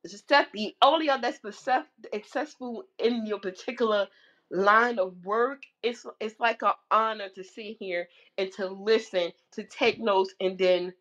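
A woman coach giving an emotional, excitable testimonial to a live audio room, her voice swinging high when she gets fired up. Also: unhurried. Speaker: guest speaker, coach.

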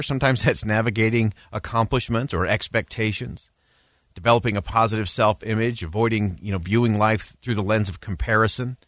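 Male speaker, lowish pitch, dry close sound, measured earnest address with "uh" fillers. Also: fairly bright tone, no room sound. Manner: measured and emphatic, with frequent "uh" fillers. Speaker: public speaker on a news broadcast.

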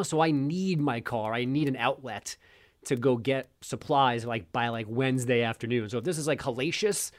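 A man co-hosting a talk show, chatting casually and cracking dry, deadpan jokes. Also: mid-range voice. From New York area. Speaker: co-host.

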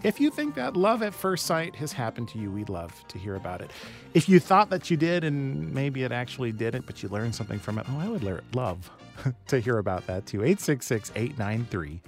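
An upbeat man hosting a call-in radio show from a studio mic. He talks with energy, keeps the phone number coming, and chats warmly with callers. Faint music sits under his voice. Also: medium pitch, big pitch swings, a little fast. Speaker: radio talk show host. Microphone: studio microphone.

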